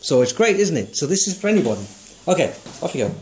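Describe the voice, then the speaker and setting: In a one-to-one songwriting lesson, a man with a high-ish, darkish voice teaches at a quick pace and sounds very animated. He's patient and encouraging, asks guiding questions, and sings short notes to demonstrate the tune.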